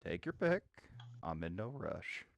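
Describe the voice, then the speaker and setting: A menacing old cowboy gunslinger , as a man puts him on, drawling slow and low in a tabletop game. The voice sits low and close, with a dry sound. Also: sing-song, creaky, dry recording, heavily acted.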